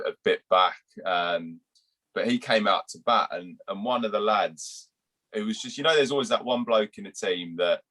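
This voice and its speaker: A man's voice: sits low, fairly bright tone, poor audio. A young man from England, a guest cricketer, telling rambling anecdotes with restarts and some swearing. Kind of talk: casual storytelling.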